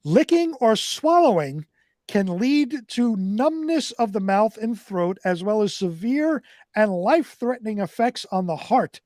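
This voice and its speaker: A man co-hosting a talk radio show reads strange news items in a fairly high voice. He halts often and trips over words he can't pronounce. The sound is dry and close. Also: sing-song, darkish tone, no room sound. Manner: halting, stumbling over hard words. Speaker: radio co-host reading news. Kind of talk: reading weird news stories on talk radio.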